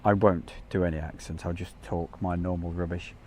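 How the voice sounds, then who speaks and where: A man's voice: deep voice, flat delivery, normal speed, a little mellow, slight background noise. A man with an English Midlands accent hosting a live stream, chatting in a rambling, self-deprecating way. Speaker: livestream host. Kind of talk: casual live commentary.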